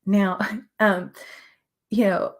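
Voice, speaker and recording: A woman hosting a show, speaking earnestly and emphatically in a motivational spiritual talk, repeating phrases and sometimes dropping to a soft whisper. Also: mid-range voice, flat delivery, drawn-out words. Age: adult with children.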